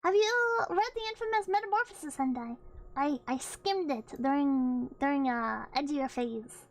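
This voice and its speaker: Very high-voiced playful woman streamer. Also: lively intonation, normal speed, dry recording, low-quality recording. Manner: rambling, swears freely, frequent restarts; playful, laughs often. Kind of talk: casual livestream chat.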